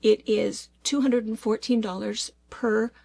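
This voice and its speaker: A middle-aged woman from Washington State co-hosting a casual chat, talking in an animated, ranting way. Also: on the high side, a little slow, creaky. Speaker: co-host.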